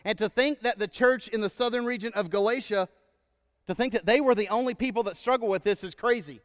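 A male pastor preaching a sermon in a relaxed, storytelling way, often checking in with "right?". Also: sits high, a little fast, big-room sound.

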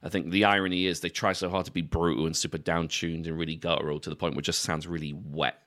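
A young man from the UK with a very low, deep voice talks casually on a podcast. He rambles through asides, swears freely and laughs often. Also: level tone, quick pace, a bit bright. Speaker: podcast co-host.

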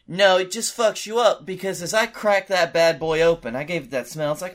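A man's voice: high voice, brisk, hardly any pauses. A man co-hosting a comedy podcast, telling an anecdote in a loose, profane, casual way. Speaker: podcast co-host.

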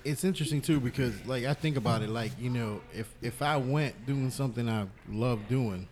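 A man's voice: medium pitch, moderate pace, darkish tone. A man who works as a firefighter, chatting casually in a rambling way, often restarting and swearing when worked up. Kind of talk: casual podcast chat.

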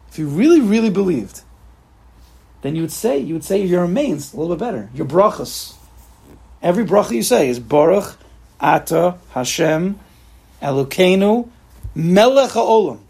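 A man leading an informal religious study group, animated and repetitive, acting out examples for his listeners. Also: high voice, fairly quick, creaky, long pauses, slightly rough. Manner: animated, repeats himself, acts out examples. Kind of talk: informal religious class talk.

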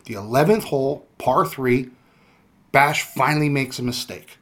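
A man's voice: mid-range voice, moderate pace, a bit bright. A man who is a guest on a podcast, telling stories about himself in a casual, self-mocking way and swearing now and then. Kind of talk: casual chat, storytelling.

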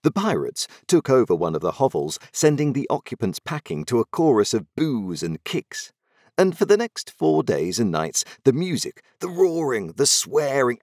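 A man narrating a story aloud in an expressive, dramatic storytelling manner. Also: mid-range voice, no echo, clean studio sound.

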